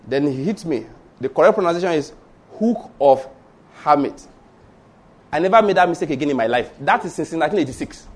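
A man's voice: on the high side, expressive, racing, husky. A middle-aged man with a Nigerian Yoruba accent, preaching a sermon in an emphatic storytelling way. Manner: storytelling, emphatic, repeats points. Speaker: pastor.

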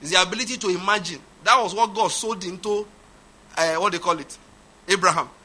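A man's voice: high voice, a little fast, bright, forceful tone. A man preaching an emphatic sermon, repeating his points. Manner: emphatic, repetitive, laughs at his own points. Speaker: pastor.

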